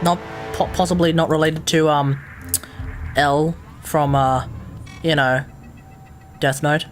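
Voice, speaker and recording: A man's voice: a little high, steady tone, slow pace, soft background music. A man with an Australian accent giving rambling, chatty commentary while live-streaming a video game, often correcting himself.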